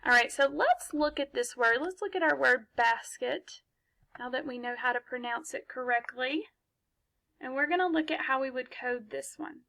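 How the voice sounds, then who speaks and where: A woman's voice: high voice, moderate pace, gravelly, pushed and bright. A woman teaching a phonics lesson to young children from her laptop, patient and encouraging, posing questions and answering them herself. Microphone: laptop mic.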